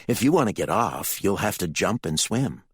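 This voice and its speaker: A man voicing a brave teenage girl in an audiobook, giving brisk, urgent commands. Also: low voice, sing-song, husky, no echo, studio quality, exaggerated voice. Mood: urgent, firm.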